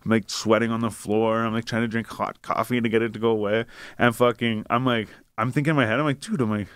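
A man's voice: on the low side, steady tone, quick pace, a bit bright, clear, resonant tone, no echo. A young man casually telling a long, profane, rambling anecdote. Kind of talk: casual chat, storytelling.

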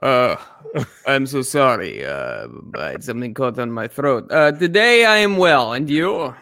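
A man's voice: medium pitch, very animated, unhurried, pushed and bright, no room sound, clean studio sound, full character voice. A man voicing a scheming male raccoon landlord tycoon, in broken English with a put-on, vaguely Russian-sounding accent, evasive and hesitant. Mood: shifty. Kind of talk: improvised comedy character interview.

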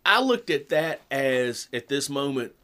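A middle-aged man chatting casually about raising kids, telling stories with lively swings and dropping low for emphasis. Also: measured pace. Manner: animated storyteller, drops low for emphasis. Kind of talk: casual chat about parenting.

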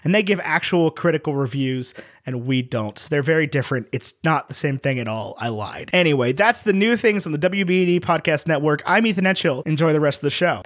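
A man's voice: on the high side, lively intonation, fairly quick. A man hosting a podcast in casual chat, jokey and self-deprecating. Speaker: podcast host.

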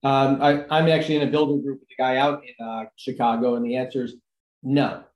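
A man who works as a building contractor, talking in a measured, halting way with a dry sarcastic streak. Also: mid-range voice, level tone, darkish tone, echoey room, highs cut off. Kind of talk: casual panel conversation.

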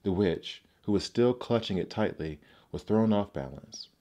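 A man reads fairy tales aloud in a measured, gentle storybook narration. His voice is notably deep, and he keeps an even, unhurried telling.

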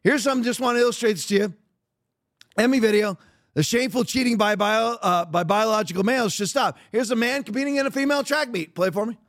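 A man's voice: sits high, quick pace, fairly bright tone. A man hosting a podcast, giving blunt, emphatic and mocking commentary. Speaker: podcast host.

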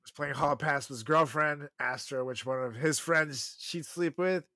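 Young male podcast co-host, bright and animated, dry close sound, crude casual banter. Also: a little high, normal speed, no echo. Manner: laughs often, swears, animated swings in loudness.

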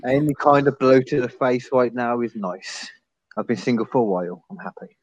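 A man's voice: medium pitch, normal speed, rough recording. A man on a podcast in casual chat, making self-mocking jokes. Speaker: podcast co-host.

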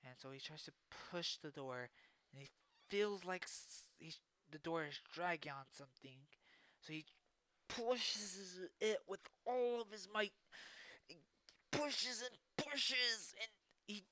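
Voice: mid-range voice, sharp tone, clear, resonant tone, no echo. A podcast host narrating a spooky story in an improvised way, with spoken sound effects and frequent restarts.

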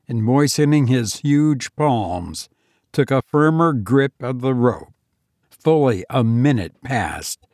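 A man reading a classic short story aloud as a storyteller, slow and measured. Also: medium pitch, a little mellow, dry recording, studio quality. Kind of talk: scripted narration.

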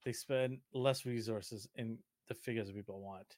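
A man co-hosting a podcast in casual chat, opinionated and quick to argue his point. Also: lowish voice, fairly even intonation, a little mellow, no room sound, studio quality. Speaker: podcast co-host.

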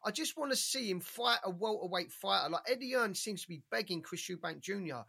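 A man co-hosting a boxing podcast, talking in an animated, rambling way and swearing often. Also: high-pitched, fairly quick, creaky, slightly rough. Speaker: podcast co-host. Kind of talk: casual boxing chat.

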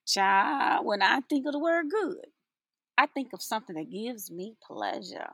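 A woman's voice: on the high side, sing-song, a little slow, fairly bright tone, slightly rough, dry recording, studio quality. A woman teacher giving an inspirational spoken-word monologue, sassy and playful, laughing often and drawing out her words for emphasis.

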